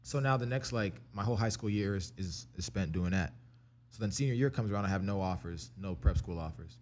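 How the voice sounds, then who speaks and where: A young man from Canada, a guest telling his life story in a casual, energetic and profane way. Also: deep voice, brisk. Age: young adult. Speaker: interview guest, rapper.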